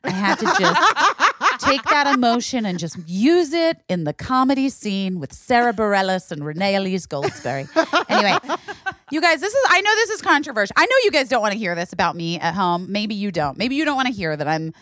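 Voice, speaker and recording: Animated woman telling a funny story. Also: brisk, no room sound, studio quality. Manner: animated storyteller, doing high childlike voices for her nephew; laughs often, swears freely. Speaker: podcast host. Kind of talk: casual chat.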